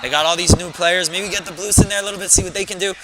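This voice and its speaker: A young man commentating a school basketball game live, excitable and joking, hyping up one player. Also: sits high, racing, crowd noise, low-quality recording. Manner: excitable, hypes up a player, jokey. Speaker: student play-by-play commentator. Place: school gym. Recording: loud gym noise behind.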